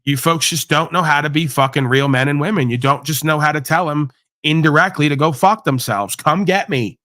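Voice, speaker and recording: Bright-voiced man ranting on a stream. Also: on the high side, fairly quick, no echo, studio quality. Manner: profane, combative and preachy. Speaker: livestream host. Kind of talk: ranting monologue.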